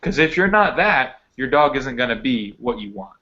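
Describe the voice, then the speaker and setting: A man's voice: mid-range voice, very animated, normal speed, sharp tone. A man co-hosting a live online dog training chat, explaining with energy over a video call. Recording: dull lo-fi video call audio.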